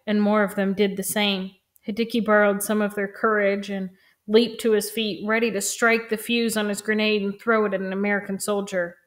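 A woman reading a novel aloud in a calm, even, measured way. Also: mid-range voice. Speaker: reader.

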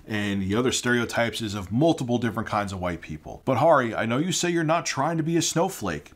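A man giving ranting opinion commentary, indignant and heated, firing off rhetorical questions. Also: mid-range voice. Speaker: online commentator.

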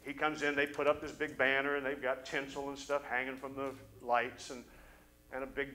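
A man's voice: medium pitch, moderate pace, low-quality recording. Man preaching a story-filled sermon. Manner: animated storyteller, acts out quoted voices. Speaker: pastor. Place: church service.

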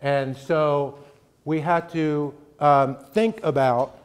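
A man's voice: on the high side, fairly even intonation, extremely slow, clean tone. Emphatic middle-aged male lecturer. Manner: emphatic, keeps checking in with "right?". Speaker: guest lecturer. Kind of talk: conversational college lecture.

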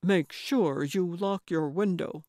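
A woman voicing a grumpy, blunt man with a gruff, lowered manner of speaking. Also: takes it slowly, warm tone, no room sound, studio quality. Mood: calm.

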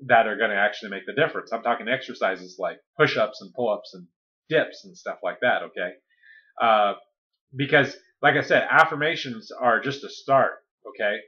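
A man's voice: medium pitch, lo-fi sound. A man coaching listeners in a casual, conversational talk, often checking in with "okay?" and "right?". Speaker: weight-loss coach.

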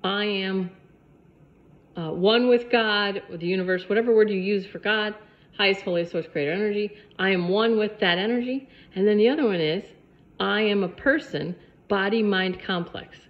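A woman's voice: mid-range voice, normal speed, muffled recording. A woman vlogger giving a spiritual pep talk to camera, repeating her points emphatically in a preachy way.

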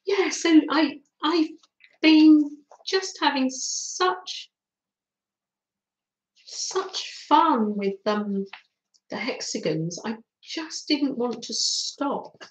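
A woman's voice: high voice, drawn-out words, echoey room, poor audio. A middle-aged woman, hosting a chatty live craft stream and greeting her viewers cheerfully. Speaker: craft livestream host.

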